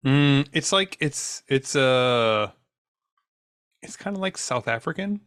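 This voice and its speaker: A man's voice: medium pitch, animated, slow, a bit bright, clear, resonant tone, no echo, clean studio sound. A man co-hosting a comedy podcast, chatting casually, riffing on jokes and adding frequent agreeing murmurs. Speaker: podcast co-host.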